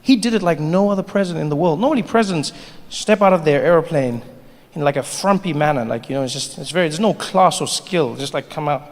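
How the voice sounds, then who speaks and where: A man's voice: fairly high pitch, fast, slight background noise. A man performing stand-up, telling stories animatedly and slipping into voices. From South Africa. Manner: animated storytelling, does voices. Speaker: stand-up comedian. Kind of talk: stand-up comedy set. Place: stage in a large hall. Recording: reverberant hall, faint ambience.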